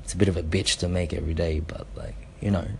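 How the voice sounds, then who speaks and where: A man who is a father chatting casually to his listeners, rambling with frequent fillers and quick asides. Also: sits low, steady tone, vocal fry, a little mellow, slight background noise. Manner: rambling, laughing, many fillers. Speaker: podcast host and father. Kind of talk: casual chat.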